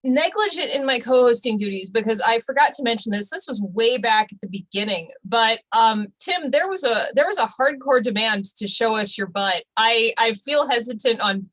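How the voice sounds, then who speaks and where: A woman's voice: a little high, expressive, moderate pace, hardly any pauses, a bit bright, low-quality recording. A woman co-hosting a live comedy stream, passing on viewer comments in a hesitant, polite way with repeated words. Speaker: co-host. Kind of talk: casual live-stream chat.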